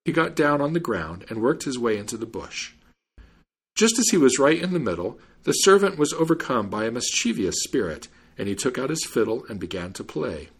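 A man reads an old fairy tale aloud, animated and expressive. His pitch moves a lot and his voice has a husky grain. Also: moderate pace. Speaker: storyteller.

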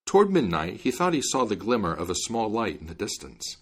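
Male storybook reader, low husky voice, expressive lively delivery. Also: fairly quick. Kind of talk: fairy tale reading.

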